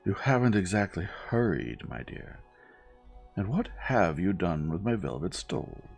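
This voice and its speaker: A man's voice: fairly low pitch, very animated, a little slow, vocal fry, darkish tone, slightly rough, faint music behind, voice pushed up, heavily acted. A man voicing an imperious, wealthy old woman who snaps out commands in a storybook reading. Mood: snappish. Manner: snapping, commanding. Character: imperious rich old American woman, snappish.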